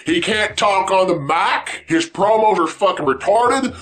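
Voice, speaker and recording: Speaking to camera over soft background music, a vlogger launches into a blunt, repetitive wrestling rant packed with heavy swearing. His high voice is a bit bright and lively in intonation, and he keeps a measured pace with hardly any pauses.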